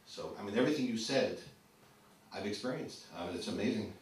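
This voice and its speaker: A man's voice: on the low side, fairly quick, a little hiss or hum. A man who spent decades as a teacher and supervisor, chatting casually from the floor at a community event and telling anecdotes. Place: community hall. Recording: echoey hall, mic from far off.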